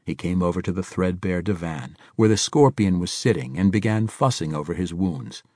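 A man narrating a thriller novel in a wry, measured audiobook reading. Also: sits low, a little mellow, dry recording, clean studio sound.

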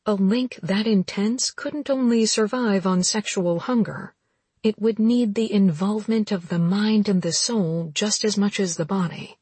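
A woman narrating a romance audiobook with steady, even storytelling, recorded close. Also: medium pitch, a little slow, breathy edge, no echo.

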